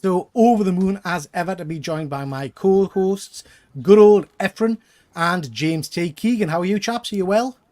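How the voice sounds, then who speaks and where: A man's voice: sits high, moderate pace, a little mellow. A Geordie man hosting a casual chat over a video call, jokey and chatty. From North East England. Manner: jokey, chatty, with restarts and laughs. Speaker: host.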